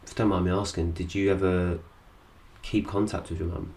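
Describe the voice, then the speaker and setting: A male host asking gentle, attentive questions in a conversational interview. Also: deep voice, level tone, fairly quick. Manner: gentle, attentive, brief prompts.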